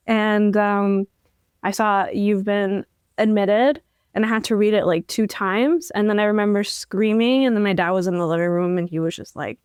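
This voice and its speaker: A woman's voice: mid-range voice, steady tone, moderate pace, clean tone, no echo, studio quality. A young adult woman guest on a podcast, telling her story with enthusiasm and many fillers. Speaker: podcast guest, incoming law student. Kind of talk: casual interview talk.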